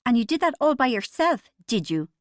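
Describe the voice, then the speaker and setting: A woman voicing a defensive Irish wife in an audiobook, with a posh put-on accent and a shrill voice. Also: sing-song, brisk, no echo, clean studio sound.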